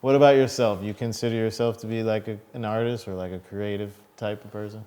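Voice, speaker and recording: Male interviewer, lowish voice, keeps questions short and easygoing. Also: fast talker. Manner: short, relaxed follow-up questions. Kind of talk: casual chat.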